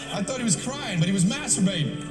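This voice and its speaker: A man doing a stand-up routine, telling a profane story animatedly and acting out voices. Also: high voice. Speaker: stand-up comedian. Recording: echoey theater from far off with loud music.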